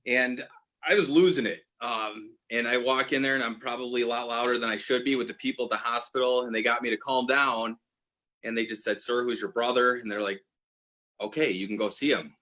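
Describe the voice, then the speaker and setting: A man's voice: medium pitch, fairly even intonation, a little fast, pushed and bright. A man in his forties telling a personal story as a podcast guest, earnest, often restarting and correcting himself. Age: 40s. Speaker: guest, apparel brand owner.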